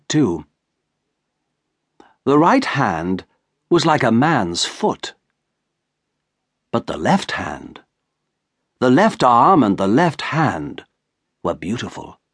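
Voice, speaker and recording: Slow, husky male audiobook narrator. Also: mid-range voice, no room sound, studio quality. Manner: slow, carefully paced reading. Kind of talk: scripted first-person narration.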